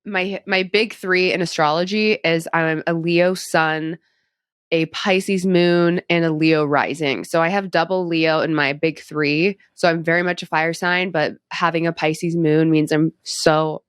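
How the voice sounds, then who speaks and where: A young woman with a low, smooth, clear voice talks as a guest in a casual interview. Her delivery is chatty and upbeat, full of "like" and "um". The sound is close and dry. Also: steady tone, unhurried, no room sound. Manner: chatty, upbeat, heavy use of "like" and "um". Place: cosmetic surgery clinic.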